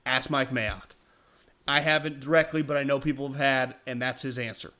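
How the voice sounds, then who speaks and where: A man hosting a casual sports talk show, talking in an animated way and breaking into loud, excited bursts. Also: mid-range voice, normal speed. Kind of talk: casual sports radio chat.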